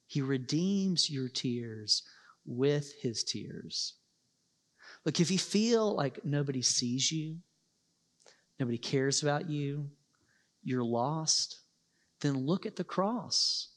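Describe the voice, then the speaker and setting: A man preaching a sermon as a pastor, earnest, slowing for emphasis and rising to passionate peaks. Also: a little high, animated, a bit bright, big-room sound.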